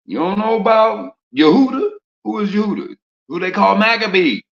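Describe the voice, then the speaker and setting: This man's voice sits high and sounds gravelly yet fairly bright, with lively intonation at a normal speed as he gives a slangy, informal sermon packed with rhetorical questions. A muffled lo-fi recording adds a roomy echo.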